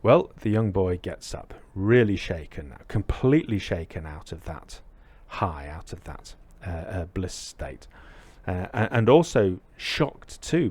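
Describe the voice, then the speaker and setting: Low husky man giving a dharma talk. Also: big pitch swings, measured pace, darkish tone. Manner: reflective, hesitant with many fillers. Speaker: Buddhist teacher.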